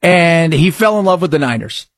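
This man hosts a radio talk show, chatting casually and jokingly about sports and news in a rambling way. His voice is a little high with lively intonation, at a normal speed and with no room sound.

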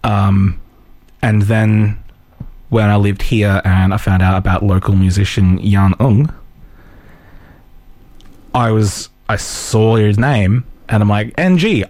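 A man's voice: on the low side, a little mellow, no echo. A man hosting a late-night radio show, chatting casually and rambling with many ums and self-deprecating asides. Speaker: radio host. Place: radio studio.

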